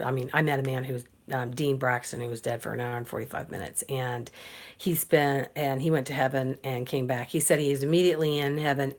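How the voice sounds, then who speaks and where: A middle-aged woman giving an earnest, preachy faith talk in a casual style, with frequent restarts and fillers. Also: low-pitched. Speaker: political commentator.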